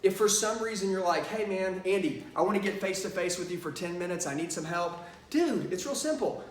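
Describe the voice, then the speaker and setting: A man giving an energetic sales training talk, coaching with emphatic rhetorical questions. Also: high-pitched, brisk, roomy sound, recorded from a distance.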